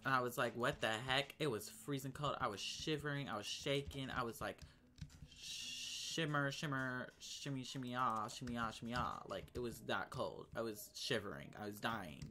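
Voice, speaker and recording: Bright-voiced, dramatic young gaming vlogger. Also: medium pitch, a little hiss or hum. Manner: dramatic, slangy, gasping exclamations. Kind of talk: casual gaming commentary and chat.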